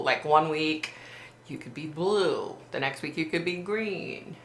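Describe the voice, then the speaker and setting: A woman's voice: low-pitched, slow, slight background noise. A woman hosting a live stream, chatting casually, reading viewer comments and swearing bluntly with a giggle. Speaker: livestream host. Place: warm room under bright lights. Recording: roomy echo.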